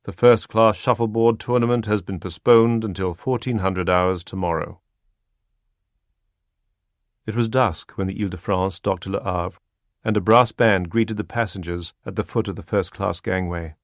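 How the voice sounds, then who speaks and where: A man narrating a spy novel audiobook in a steady, measured reading. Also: low-pitched, no room sound, studio quality. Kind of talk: scripted narration.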